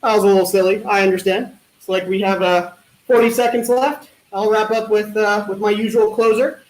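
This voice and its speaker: A man doing stand-up one-liners at an online talent show, with a deadpan punning delivery and hesitant fillers. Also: high voice, a little fast. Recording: echoey room.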